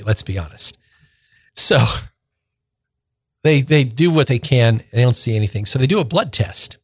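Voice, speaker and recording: A man in his sixties from northern Minnesota, a deacon and radio host telling a personal story in a conversational, animated way. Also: fairly low pitch, no room sound. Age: 60s. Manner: conversational, animated retelling with acted-out quotes.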